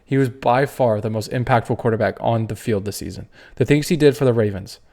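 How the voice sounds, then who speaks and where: A man's voice: mid-range voice, a little fast, warm tone. Fired-up opinionated man ranking players. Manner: opinionated, fired-up ranting with cursing. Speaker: podcast host. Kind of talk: casual sports tier-list commentary.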